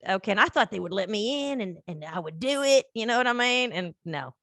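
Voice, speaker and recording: Woman podcast host, blunt and jokey, bright sharp tone, dry close sound. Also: mid-range voice, expressive, a little fast, no room sound. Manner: blunt, joking, swears freely. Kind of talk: casual chat.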